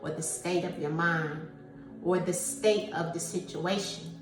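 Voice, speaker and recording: A woman giving a spiritual tarot reading in a slow, soothing way, calling her viewers family. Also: on the low side, fairly even intonation. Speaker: tarot card reader. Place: room at home with incense burning. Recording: echoey room, far from mic, music behind.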